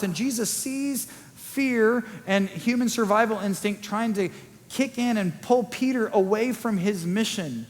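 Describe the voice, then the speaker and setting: A male pastor preaching a sermon in a conversational way, acting out quick quoted asides. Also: high-pitched. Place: church sanctuary. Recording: long church hall reverb.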